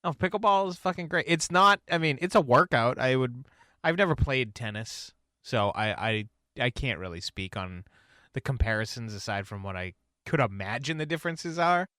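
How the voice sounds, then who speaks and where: Give me a bright-toned man rambling loosely through a casual podcast chat, dry sound. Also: medium pitch, lively intonation, moderate pace, no echo. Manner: rambling, hesitant, laughs easily. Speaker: podcast co-host.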